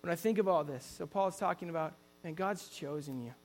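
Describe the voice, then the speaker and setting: A man's voice: a little high, brisk, in a large hall. A man preaching a sermon in an earnest storytelling way, often restarting his sentences.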